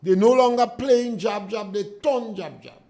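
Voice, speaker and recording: A Grenadian man hosts a call-in talk radio show from the studio, with a fairly high voice. He speaks slowly and deliberately, pressing his points home with indignant emphasis. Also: mellow. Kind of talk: political commentary on call-in radio.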